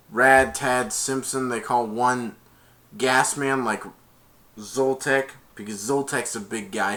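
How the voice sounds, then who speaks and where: A man's voice: medium pitch, pushed and bright. A man casually retelling a movie plot, rambling, laughing and acting out the quotes. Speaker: movie reviewer.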